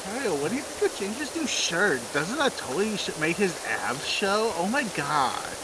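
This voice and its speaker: A woman voicing a gossiping young valley girl in a mocking, drawn-out way over voice chat. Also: medium pitch, sing-song, lightly acted. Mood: gossipy, mocking. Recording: distant, noisy stream audio.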